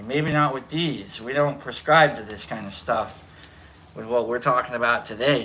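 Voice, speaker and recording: A man's voice: medium pitch, normal speed, pushed and bright, slight background noise. A man hosting a casual livestream, playfully greeting his viewers by name in a mock-formal manner. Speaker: livestream host.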